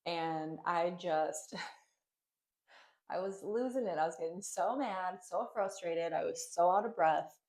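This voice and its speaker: A woman's voice: on the low side, slow, a little mellow. A woman teaching a yoga class, talking casually with many fillers and light laughs. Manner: chatty, with many ums and likes, laughing lightly.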